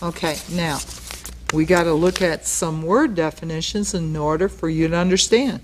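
A woman's voice: deep voice, moderate pace, a little hiss or hum. A woman pastor leading a Bible study in a casual, conversational teaching style, explaining word meanings and acting out the quotes she reads. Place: studio.

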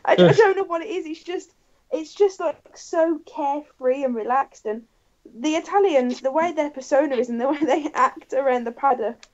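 A woman gushes about racing in a bubbly, lively way. Her voice is on the higher side, and the recording sounds muffled and lo-fi. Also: moderate pace. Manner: bubbly, lively, laughing easily. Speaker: podcast co-host. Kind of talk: casual motorsport chat.

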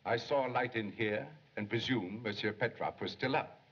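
A man's voice: on the low side, normal speed, breathy edge. An actor playing a dutiful male household servant, careful and respectful, in 1930s film acting. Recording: dull 1930s film soundtrack.

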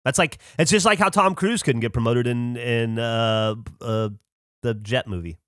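A man's voice: medium pitch, measured pace, no echo, studio quality. A man co-hosting a podcast, telling long stories in casual chat and swearing freely. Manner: animated storyteller, swears casually. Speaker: podcast co-host.

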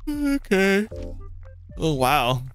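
A man's voice: high-pitched, sing-song, very slow, fairly bright tone. A man hosting a let's play, chatting casually in a gushing, playful manner. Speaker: gaming channel host. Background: faint game music.

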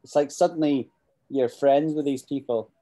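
A man's voice: medium pitch, steady tone, moderate pace, dark tone. A middle-aged man with a Scottish accent, teaching English in a chatty, rambling way with frequent restarts. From Scotland. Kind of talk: casual spoken English lesson.

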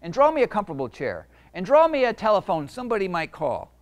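A man putting on a loud, bossy monster voice. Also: high-pitched, wildly swooping pitch, fast, voice pushed up. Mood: demanding. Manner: barking orders loudly. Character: bossy hungry male monster, demanding and rude.

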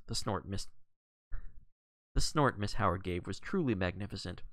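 A man reading a novel aloud with a lively delivery, sometimes stumbling and correcting himself. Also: deep voice, moderate pace, no echo. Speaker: reader.

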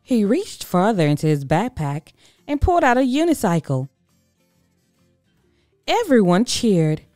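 A woman reading a children's picture book aloud in an expressive, animated storytelling voice. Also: mid-range voice, a little slow, dry recording, clean studio sound, faint music behind.

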